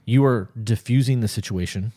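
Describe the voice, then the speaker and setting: A man co-hosting a podcast, talking calmly and reassuringly with his partner about a recent argument. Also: on the low side, normal speed, husky. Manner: calm, reassuring, talks through feelings. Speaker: podcast co-host. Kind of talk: casual conversation between partners.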